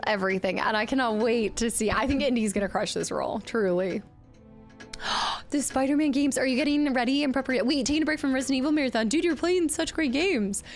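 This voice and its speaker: Excitable woman streamer, casual game chat, fairly high voice, faint music behind. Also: fairly quick. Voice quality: gushing, excitable, thanks viewers by name. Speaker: livestreamer.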